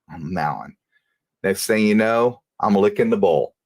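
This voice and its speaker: A man speaks as an interview guest, telling a personal story casually and haltingly, with frequent restarts. His voice sits a little low. The sound is dry, with no room echo. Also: very animated, vocal fry. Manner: halting, repeats and restarts phrases.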